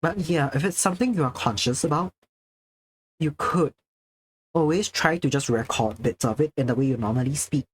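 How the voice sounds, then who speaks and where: Young Singaporean man, crisply enunciated. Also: fairly high pitch, normal speed. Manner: careful, precise enunciation with a presenter's projection. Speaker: livestreamer. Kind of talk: casual chat while drawing, answering chat.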